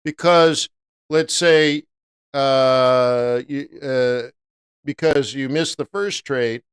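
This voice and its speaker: Animated, joking man with a smooth voice. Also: medium pitch, drawn-out words. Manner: animated and jokey, breaks into loud playful impressions. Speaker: forex trader hosting a live stream. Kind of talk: live trading commentary.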